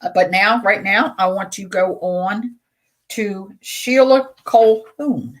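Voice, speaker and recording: Slow, deliberate woman poetry reader. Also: mid-range voice. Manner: slow, deliberate reading with casual asides. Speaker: radio show host reading poems. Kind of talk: poetry reading on community radio.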